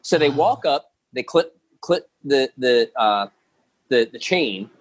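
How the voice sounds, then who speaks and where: Man, husky voice, lively swooping pitch, casual rambling storyteller, many restarts. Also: slow. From lives in New York. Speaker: podcast guest.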